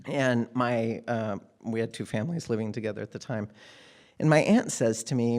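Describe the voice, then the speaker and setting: A man telling a personal story on stage, candid and wry, with animated moments. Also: mid-range voice, moderate pace.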